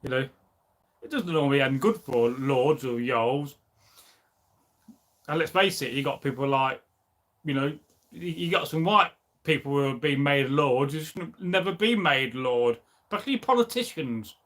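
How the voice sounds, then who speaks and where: A man's voice: mid-range voice, expressive, moderate pace, long pauses, a bit bright. A man hosting a live stream and reading the chat aloud, talking in a rambling, opinionated way with plenty of fillers.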